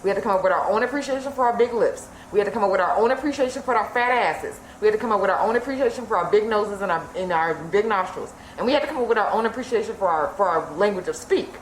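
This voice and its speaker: A woman's voice: mid-range voice, expressive, racing, few pauses. A woman co-hosting a casual podcast discussion, emphatic and repeating phrases for effect. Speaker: podcast co-host. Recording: echoey room with faint hiss.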